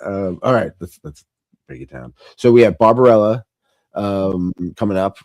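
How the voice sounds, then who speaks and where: Male host, low voice, dry close sound, casual rambling film chat, frequent laughs. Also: moderate pace, gravelly, a little mellow, no room sound. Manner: rambling, laughs often, trails off and restarts. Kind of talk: casual podcast chat about films.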